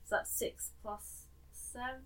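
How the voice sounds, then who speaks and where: A woman's voice: takes it slowly, a bit bright, far from the mic, poor audio. A woman playing a tabletop game, emphatic and reading out spell rules. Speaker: player and editor of the show. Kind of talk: casual tabletop chat.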